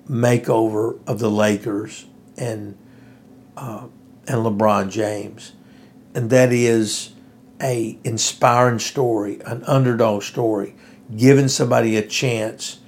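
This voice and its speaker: A man with a low, gravelly voice holds forth in an unscripted commentary. He rambles earnestly, stopping to restart his sentences and filling the pauses with "uh." It sounds like a host thinking out loud for his listeners. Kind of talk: casual spoken commentary.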